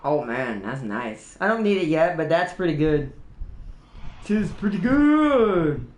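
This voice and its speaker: A man's voice: a little high, lively intonation, normal speed, reverberant. A man hosting a casual gaming livestream, rambling enthusiastically and laughing often. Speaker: streamer host.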